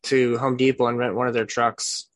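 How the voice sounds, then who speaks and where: A co-host chats and tells a story in a relaxed, easygoing way. The voice is mid-pitched and close to the mic. The sound is dry. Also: moderate pace, dry recording. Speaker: podcast co-host. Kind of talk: casual chat.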